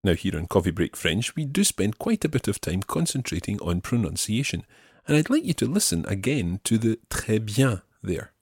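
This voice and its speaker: A man who hosts a language podcast and explains a lesson patiently and methodically, slowing down to model each word. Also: lowish voice, very animated, a little mellow, breathy edge, no echo, studio quality.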